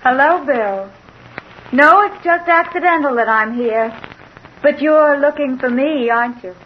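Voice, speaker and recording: Mysterious young woman, soft, guarded, high voice, 1940s radio, muffled recording. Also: unhurried, slight background noise. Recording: dull old radio broadcast.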